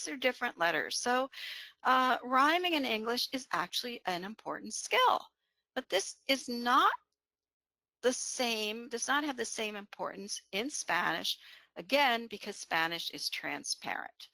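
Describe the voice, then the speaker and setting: Slow, bright-voiced woman teaching online. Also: on the high side, very animated, creaky, no echo. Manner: slow, explanatory, with frequent fillers and check-ins. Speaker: webinar presenter on bilingual education.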